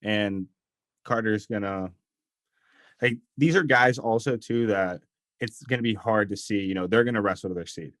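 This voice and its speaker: A man co-hosting a podcast in casual sports chat, easygoing and agreeable, often trailing off softly. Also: fairly low pitch, moderate pace, no echo, clean studio sound. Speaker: podcast co-host. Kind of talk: casual chat about wrestling.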